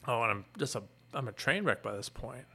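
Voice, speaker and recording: A middle-aged man, a fire captain, earnestly retelling a painful personal story in a candid, halting way. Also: medium pitch, animated, vocal fry, pushed and bright.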